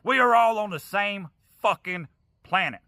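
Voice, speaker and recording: An angry man on a profane, preachy vlog rant. His voice sits high and is very bright and cutting. The sound is dry and close. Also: lively intonation, unhurried, dry recording.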